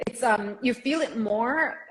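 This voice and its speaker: A woman's voice: fairly high pitch, measured pace, fairly bright tone, rough recording. A woman co-hosting a casual live stream, explaining with many fillers. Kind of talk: casual chat.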